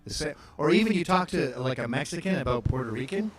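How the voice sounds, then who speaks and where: A man hosts a loose comedic chat, his pitch leaping around as he riffs. He swears freely and cracks jokes at each thing he reads. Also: fast. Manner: profane, animated, wisecracking. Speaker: host. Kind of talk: casual comedic chat reacting to maps.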